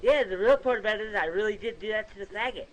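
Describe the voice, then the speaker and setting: High-voiced crude male guest. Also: quick pace, a bit bright, low-quality recording. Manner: crude, blunt, laughing. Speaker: podcast guest. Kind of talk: casual chat. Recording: clear background noise.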